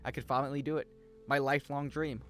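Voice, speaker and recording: A man's voice: medium pitch, level tone, fast talker, fairly bright tone, soft background music. A young man, chatting casually on a gaming stream, joking, swearing freely and rambling. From United States.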